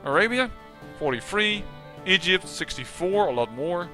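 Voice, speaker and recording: A man narrates his own strategy game playthrough, musing half to himself and breaking into exasperated grumbles when things go wrong. His voice sits a little high and rings bright. Soft music plays faintly under him. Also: expressive, moderate pace. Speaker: let's play commentator.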